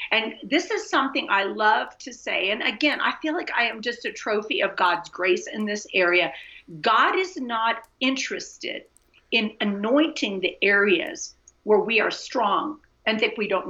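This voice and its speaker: A woman guest being interviewed, telling a personal faith story in an animated, earnest way. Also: mid-range voice. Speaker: guest, Christian author and speaker. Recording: dull lo-fi sound.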